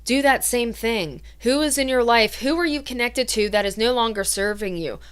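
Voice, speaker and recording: A woman tarot reader giving a reading in a soft, earnest, emotional way, voicing the feelings she channels. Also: on the high side, moderate pace, clear, resonant tone.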